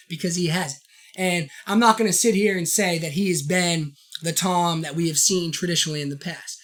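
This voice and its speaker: A man holds forth alone on his show, his voice bright and forward. He rants about sports with fired-up energy. He rambles, restarts and circles back to hammer the same points. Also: high voice. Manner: fired-up, rambling, repeats himself. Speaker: show host. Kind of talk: solo sports opinion rant.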